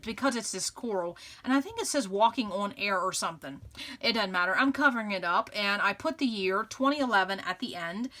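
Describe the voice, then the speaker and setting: Bright and forceful at a medium pitch, this woman hosts a scrapbooking channel and narrates a casual crafting tutorial. She chats in an upbeat way while she works, laughing often and thinking out loud.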